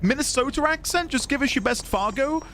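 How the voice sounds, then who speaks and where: A British man streaming a video game, chatting to viewers in an animated, self-mocking way. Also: very high voice, brisk, a little hiss or hum. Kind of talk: gaming commentary.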